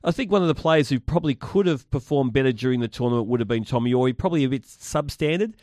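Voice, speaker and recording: A man's voice: mid-range voice, animated, fast talker, darkish tone, no room sound. Aussie guy co-hosting footy radio, rambly, chatty, dry close mic. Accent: Australian. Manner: chatty, rambling, laughs easily. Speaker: radio sports show co-host. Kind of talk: casual sports radio chat. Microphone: studio microphone.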